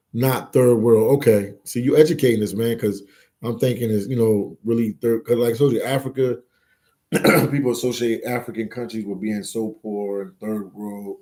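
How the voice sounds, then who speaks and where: Laid-back guy live streaming, deep-ish warm voice, reads chat out loud and keeps repeating stuff. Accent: Philadelphia. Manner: loose, repeats phrases, banters with chat.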